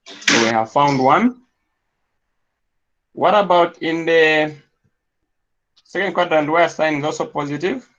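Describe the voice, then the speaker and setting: This man's voice sits fairly high and a bit bright as he slowly teaches a maths class, pausing often. He speaks each step aloud and checks in with a "yes?" now and then, on a dull, lo-fi classroom recording.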